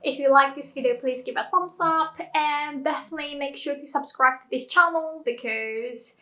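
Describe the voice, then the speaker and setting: A young woman whose first language is Japanese, hosting a casual language lesson. She laughs often and slows down to model pronunciations. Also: sits high, bright, forceful tone. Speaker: Japanese language teacher and channel host.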